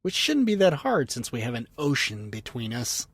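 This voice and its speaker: A man's voice: medium pitch, wildly swooping pitch, normal speed, fairly bright tone, husky, no room sound. A man hosting a trucking podcast, chatting casually through listener mail, laughing often and leaning on "you know" fillers. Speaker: podcast host and truck driver.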